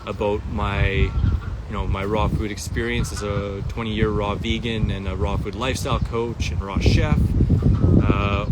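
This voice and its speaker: Man, 40s, low-ish voice, casual walking live stream, chatty, phone mic, loud traffic noise outdoors. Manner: chatty and easygoing, with frequent fillers and excited exclamations. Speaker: raw food lifestyle coach. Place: outdoors in a city park by ponds.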